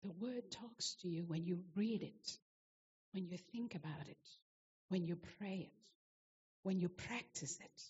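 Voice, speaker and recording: A woman's voice: fairly low pitch, unhurried, a little mellow, dull audio. Emphatic woman preacher in a reverberant hall. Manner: emphatic, repetitive exhortation, rhetorical questions to the congregation. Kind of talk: sermon.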